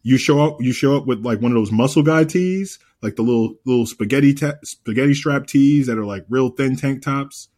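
A man co-hosting a podcast in casual chat, an animated storyteller who repeats himself and swears freely. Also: mid-range voice, fairly quick, few pauses. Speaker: podcast co-host.

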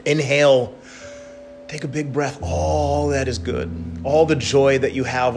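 A man with an ordinary mid-range voice guides listeners through slow, gentle contemplative prayer. A plucked guitar plays clearly behind him. His pace is unhurried and soft-spoken. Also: medium pitch. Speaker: pastor leading prayer. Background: guitar music.

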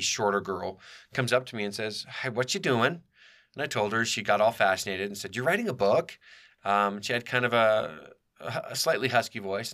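Bright-voiced man telling rambling stories. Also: fairly low pitch. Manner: rambling, with many fillers and restarts. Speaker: podcast host. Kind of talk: personal storytelling.

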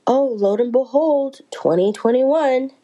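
A woman's voice: high voice, unhurried, dark tone, dull audio. A woman vlogger telling a story to her viewers in a rambling, chatty, self-mocking way.

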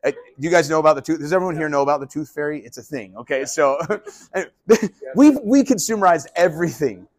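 A male pastor giving a casual, animated sermon. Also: on the high side, brisk, no room sound. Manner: animated, conversational preaching.

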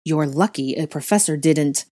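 A woman voicing a scornful, sharp-tongued teenage boy who snaps at his friends. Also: low voice, moderate pace. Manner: snapping, scornful.

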